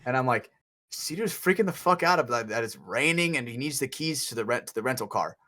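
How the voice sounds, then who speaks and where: Guy on a podcast telling a wild story, swears a lot, acts out the quotes loud. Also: mid-range voice, fairly quick. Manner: profane, animated storyteller who acts out quotes loudly. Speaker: podcast co-host, paintball player. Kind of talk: casual storytelling chat.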